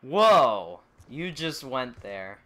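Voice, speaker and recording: A man's voice: mid-range voice, lively intonation, normal speed, sharp tone. A teenage boy hosting a gaming video, exclaiming and complaining as he plays with a friend. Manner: exclaiming, complaining about lag. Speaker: gaming channel host. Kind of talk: casual gaming banter. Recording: faint noise with clicks.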